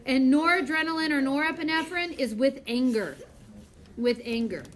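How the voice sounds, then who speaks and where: Woman biology teacher, high voice, chatty and animated, recorded far off in a noisy, echoey classroom. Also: moderate pace. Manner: lively, chatty, acts out examples. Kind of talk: classroom lecture.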